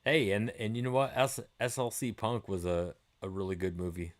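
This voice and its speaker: Answering comments from his viewers, a middle-aged livestream host keeps the chat loose, swearing freely and laughing readily. He talks at a normal speed in a voice on the low side.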